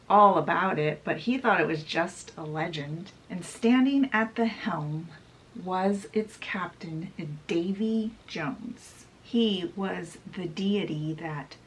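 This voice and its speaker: A woman's voice: on the low side, a little hiss or hum, rough recording. A woman casually retelling a book's story, chatty and full of fillers. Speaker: book channel host. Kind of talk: casual book summary retelling.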